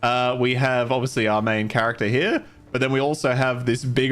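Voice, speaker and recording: A man's voice: mid-range voice, steady tone, normal speed, fairly bright tone. A man streaming a game casually, chatting with viewers and swearing now and then. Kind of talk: casual gameplay livestream.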